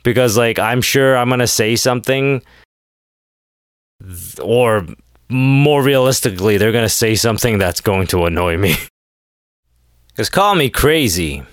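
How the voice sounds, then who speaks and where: A solo podcast host rants casually late at night, sarcastic and rambling, with "like" in nearly every line and plenty of other filler words. His mid-range voice is expressive, his pace measured with long pauses, and the studio-quality recording is dry.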